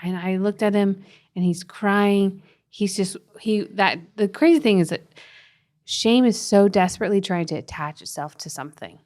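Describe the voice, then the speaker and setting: A woman co-hosting a parenting podcast, earnestly telling a family story in casual chat, with quick restarts and soft laughs. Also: medium pitch. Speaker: podcast co-host and parenting author.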